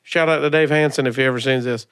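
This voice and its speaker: A man from Alabama with a Southern accent, a comedian telling stories on a podcast in a casual, animated way, acting out other people's lines. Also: mid-range voice, fast talker, clear, resonant tone. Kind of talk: casual storytelling.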